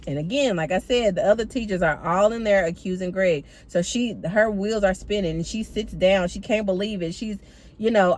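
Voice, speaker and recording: A woman's voice: medium pitch, moderate pace, darkish tone. A woman chatting animatedly to her viewers as she recaps a TV episode, apparently from a car. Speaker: TV recap vlogger. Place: in or by a parked car.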